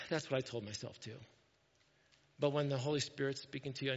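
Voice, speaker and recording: Animated pastor in a reverberant hall. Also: male voice, medium pitch, fairly quick, long pauses, dull audio. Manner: animated, self-mocking, acts out quotes. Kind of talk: sermon storytelling.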